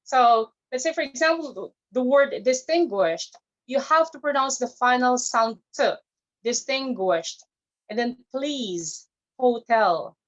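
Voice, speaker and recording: Over a video call with dull, lo-fi sound, a woman from the Philippines evaluates grammar and pronunciation for an online speech club, careful and teacherly. English isn't her first language. Her voice is high and animated, and she talks a little slowly.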